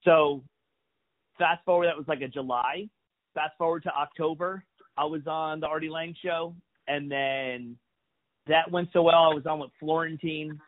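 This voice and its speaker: A man with a fairly high voice spins a rambling, profane anecdote, voicing each person he quotes as he goes. The sound is thin and phone-like. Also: normal speed. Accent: New York. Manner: profane, animated storytelling with acted-out quotes. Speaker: comedian guest. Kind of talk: casual storytelling. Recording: phone-like lo-fi audio.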